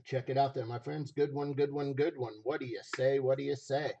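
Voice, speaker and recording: A hoarse man running a live stream auction, repeating phrases as he hypes each item from a basement room. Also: medium pitch, fairly even intonation, fairly quick, mellow, lo-fi sound, a little hiss or hum.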